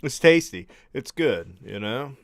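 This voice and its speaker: A man's voice: medium pitch, very animated, measured pace, creaky, no room sound. A man co-hosting a casual podcast, laid-back and chuckling, talking with easy uh fillers. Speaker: podcast co-host.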